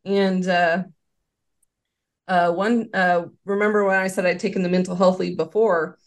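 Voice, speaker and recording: Lowish-voiced woman telling her story candidly. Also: steady tone, measured pace. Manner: earnest, candid storytelling with many fillers. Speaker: interview guest, former quality control worker. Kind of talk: casual interview testimony.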